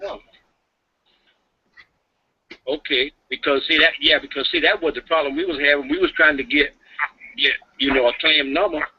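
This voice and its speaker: A man's voice: on the high side, moderate pace, pauses often, breathy edge. A man hosting a radio chat, asking eager, plain-spoken questions. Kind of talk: casual chat. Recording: muffled radio audio.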